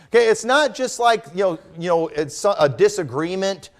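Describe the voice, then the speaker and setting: A man's voice: high voice, lively intonation, moderate pace. A male pastor preaching a sermon in a loose, conversational way, repeating phrases and adding asides. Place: church.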